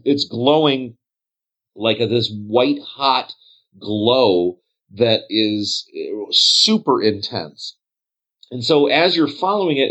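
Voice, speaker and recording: A man narrating as game master in a tabletop role-play game, rambling and pausing to search for words. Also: mid-range voice, a bit bright. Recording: dull lo-fi sound.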